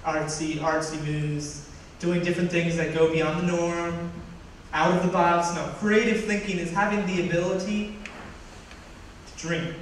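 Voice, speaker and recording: A young man giving a personal story talk to an audience, animated and acting out what others said. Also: a little high, unhurried, slight background noise. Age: young adult. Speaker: student speaker. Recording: echoey hall from far off.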